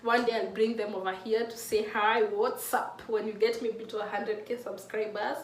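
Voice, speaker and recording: A woman's voice: mid-range voice, level tone, moderate pace, a little hiss or hum. Earnest young woman in an echoey room. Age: mid-20s. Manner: earnest, emotional, many restarts. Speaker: faith vlogger. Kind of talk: casual heartfelt talk to camera. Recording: echoey room from a distant mic.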